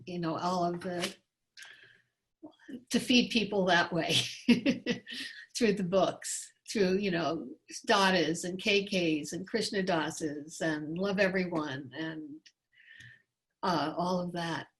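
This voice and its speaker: An older woman chatting on a video call, relaxed and trailing off at the ends of her phrases. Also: lowish voice, slow. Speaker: panel guest. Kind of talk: casual chat on an online call.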